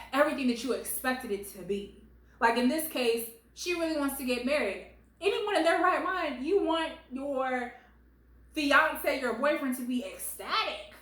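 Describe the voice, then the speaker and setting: A woman with a fairly high voice gives sassy, animated commentary on stories she reads aloud. She talks straight to the poster, calling her baby and girl. Her voice rings in an echoey room at home. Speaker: host reading online stories.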